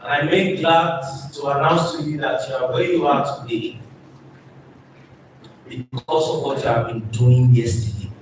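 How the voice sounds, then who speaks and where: A man's voice: mid-range voice, fairly even intonation, a little slow. A man giving a motivational speech to a live audience, preaching and firing rhetorical questions at the crowd. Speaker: motivational speaker. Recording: echoey hall from far off with noise.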